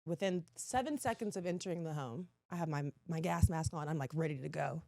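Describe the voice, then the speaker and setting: A woman guest in a casual podcast chat who tells her stories with lively energy. Her voice sits a little low, and the sound is dry and close. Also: a little fast, creaky, no echo. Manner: animated storytelling, laughs often.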